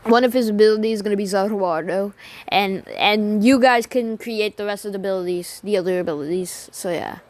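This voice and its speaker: A woman's voice: mid-range voice, fairly quick, darkish tone, no room sound. A woman improvising a fan story aloud, rambling and casual, with many restarts, name slip-ups and swearing.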